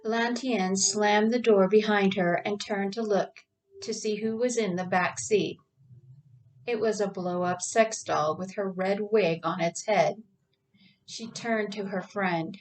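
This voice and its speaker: Slow-reading woman author. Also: medium pitch, fairly even intonation, distant mic, rough recording. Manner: unhurried, plain, with small slips. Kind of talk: reading her own novel aloud.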